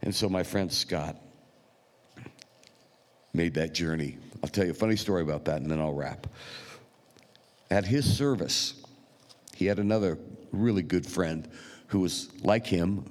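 A man with a deep, low voice preaches to his congregation, talking like he's chatting with friends. He pauses often and fills gaps with small hesitations. His words ring out with a long reverb through a large church sanctuary. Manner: unhurried, conversational, with frequent pauses and fillers. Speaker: pastor. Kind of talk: sermon storytelling.

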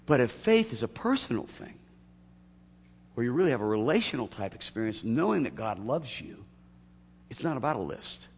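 A man preaching a sermon to his church, swinging from loud emphatic peaks to quiet asides. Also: medium pitch, very animated, moderate pace, pauses often, slight background noise. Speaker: pastor. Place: church sanctuary. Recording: long hall reverb.

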